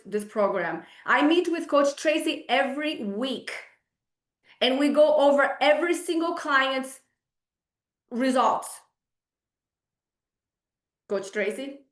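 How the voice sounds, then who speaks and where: Woman fitness coach, 40s, blunt, exasperated, lecturing, fairly high voice, echoey room, video call. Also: expressive, slow pace, pauses often, fairly bright tone. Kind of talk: scolding group coaching call.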